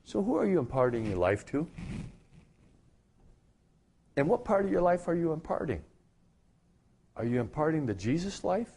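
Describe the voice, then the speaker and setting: Middle-aged man, pastor preaching on radio, chatty storyteller, voice leaps up high at the excited parts. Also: brisk, breathy edge. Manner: conversational storytelling with animated pitch jumps. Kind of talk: radio sermon.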